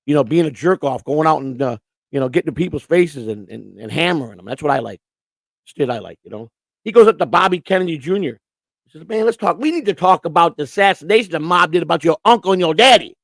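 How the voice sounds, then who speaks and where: Man, stream host, gravelly, dry close sound, rambling, stammering restarts. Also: on the high side, no echo. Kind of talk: casual live-stream chat. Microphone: computer setup with earphones.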